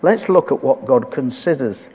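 A man's voice: mid-range voice, lively intonation, normal speed, slightly rough, in a large hall, dull audio. A man preaching a sermon, reading scripture aloud and talking it through conversationally with touches of humor.

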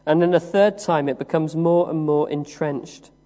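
A man from the West Country of England preaching a sermon, telling the story slowly with many "uh" pauses. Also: on the high side, dark tone. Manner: measured storytelling with frequent "uh" pauses. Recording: long reverb of a large hall.

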